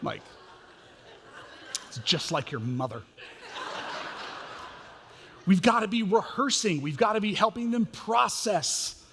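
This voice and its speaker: A man in his thirties preaching a sermon as pastor, animated and self-mocking as he tells family stories. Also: high-pitched, slow, pauses often. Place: church sanctuary. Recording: long reverb of a church hall.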